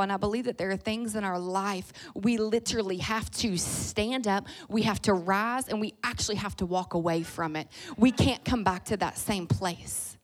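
Preaching with folksy liveliness, a middle-aged Kentucky woman moves back and forth between loud and soft. She speaks in a mid-range voice at a moderate pace with few pauses.

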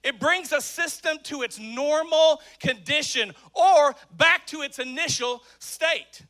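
A man preaching an energetic sermon to a church congregation, often shouting. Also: very high-pitched, slow. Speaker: pastor. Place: church sanctuary with live congregation.

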